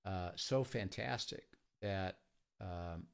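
A man who leads a ministry tells stories in a conversation, halting often with fillers and restarts and acting out the quoted dialogue. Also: sits low, creaky, smooth. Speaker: ministry leader. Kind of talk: conversational storytelling.

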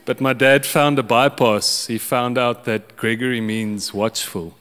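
A man's voice: medium pitch, steady tone, a little slow, a bit bright, clear, resonant tone, in a large hall. A man preaching a sermon, telling a personal story with many restarts and chuckles. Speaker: pastor.

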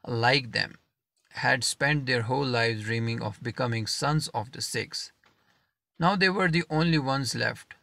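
A man narrates a novel at an unhurried pace, his voice carrying a gravelly edge. He reads in a measured way and lets the pauses sit. The sound is close and dry, with no room around it. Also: medium pitch, pushed and bright, no room sound. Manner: slow, measured reading with deliberate pauses. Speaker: audiobook narrator. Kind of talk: scripted audiobook narration.

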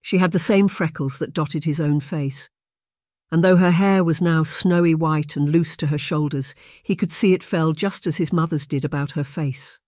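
A man narrating a novel in a measured, even reading. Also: on the high side, dry recording, clean studio sound. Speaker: audiobook narrator. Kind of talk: scripted narration.

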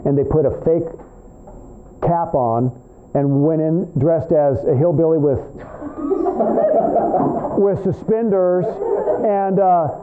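A male professor lecturing a class in an animated, rambling way, trading remarks with students, in a tinny, phone-like recording. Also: on the high side, slow, pauses often, a little hiss or hum. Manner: animated, rambling, talks back and forth with students.

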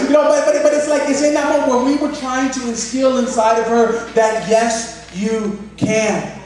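A man in his thirties preaching a sermon as pastor, repeating words and restarting often, with lively emphasis. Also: extremely high pitch, normal speed, crowd noise. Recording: echoey hall, mic from far off.

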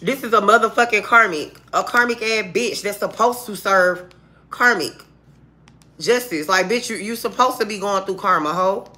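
A woman's voice: medium pitch, normal speed, bright, forceful tone. A woman giving a casual, heated tarot reading to viewers, speaking bluntly with lots of cursing. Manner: blunt, profane, heated street talk. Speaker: tarot reader.

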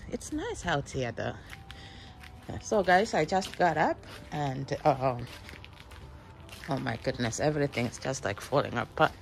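A woman's voice: low voice, vocal fry, slight background noise. A woman from Kenya, chatting casually in a rambling vlog from her home kitchen. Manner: chatty, rambling, repeats herself. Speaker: vlogger. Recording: echoey room.

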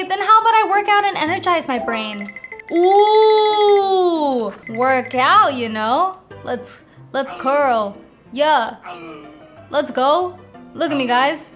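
A young woman playing a video game, excitedly commenting and reading the game's lines aloud to her viewers. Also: very high-pitched. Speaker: gaming video host. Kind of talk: playful gameplay commentary. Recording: game music playing behind voice. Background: game music.

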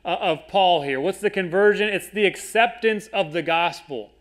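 Conversational preacher, higher-pitched. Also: male voice, normal speed. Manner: conversational, reads scripture aloud and paraphrases it. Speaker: pastor. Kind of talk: sermon, Bible teaching.

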